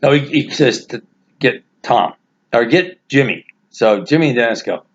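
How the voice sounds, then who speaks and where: A man casually telling a family anecdote, animated and laughing through his own story. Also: mid-range voice, moderate pace. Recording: dull lo-fi recording.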